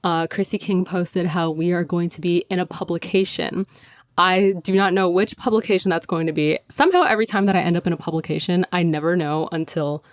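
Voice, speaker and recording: Smooth, low-voiced young woman chatting. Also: fairly quick, no room sound, studio quality. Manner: chatty, filler-heavy with frequent "like"; laughs often while talking. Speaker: podcast host. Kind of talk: casual chat.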